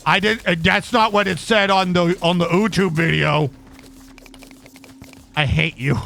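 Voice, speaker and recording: A man's voice: sits high, moderate pace, vocal fry, pushed and bright, soft background music. A man streaming a game, ranting casually with heavy swearing and frequent stammered restarts. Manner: profane, stammering, heated ranting. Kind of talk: casual gaming livestream rant.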